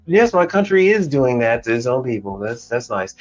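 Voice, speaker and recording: A man's voice: medium pitch, big pitch swings, moderate pace, few pauses, dull audio, faint music behind. A man from Chicago, a commercial kitchen equipment tech, ranting bluntly and with plenty of swearing as he chats on a live stream and argues with comments from his chat. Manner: talks back to chat comments.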